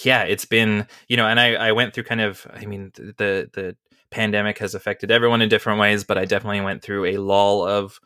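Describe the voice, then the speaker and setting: A man's voice: on the low side, little pitch movement, a little fast, bright, forceful tone, smooth, dry recording, studio quality. A man hosting a podcast, chatting casually and rambling with lots of fillers and laughs. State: has the hiccups. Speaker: podcast host. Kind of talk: casual chat.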